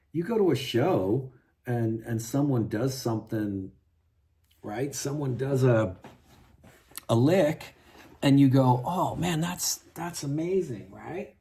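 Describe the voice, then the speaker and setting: A man's voice: fairly high pitch, creaky, mellow. A man venting in a rambling, frustrated monologue, full of restarts and asides. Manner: frustrated, rambling, many restarts and "you know". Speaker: guitar vlogger.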